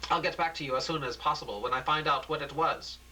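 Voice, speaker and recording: A frantic male TV field reporter, read out by a man, breathless and climbing toward a shout. The voice sits high and bright, with a tense edge to it. It sounds like an amateur radio play. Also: quick pace, a little hiss or hum, low-quality recording. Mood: shaken. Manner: breathless, rising to near-shouting.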